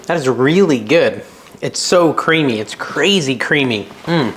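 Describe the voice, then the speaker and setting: A man's voice: mid-range voice, animated, a little slow, noisy background. A young man hosting a casual cooking vlog in his home kitchen, chatty and self-deprecating as he thinks aloud while he cooks. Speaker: cooking video host.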